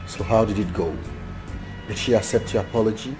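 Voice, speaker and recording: A man's voice: fairly low pitch, music in the background, lightly acted, low-quality recording. A man, playing a friend who coaxes and reassures a heartbroken man in a film drama, repeating himself. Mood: coaxing. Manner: coaxing, repeats himself, drawn-out "eh?". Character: supportive male friend, coaxing, upbeat. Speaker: consoling friend.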